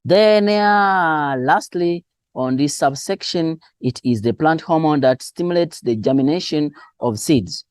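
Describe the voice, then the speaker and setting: A man going through exam answers as a teacher, spelling out key terms slowly and asking and answering his own questions. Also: a little high, darkish tone, dry recording, clean studio sound. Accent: Southern African English. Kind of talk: exam revision lesson.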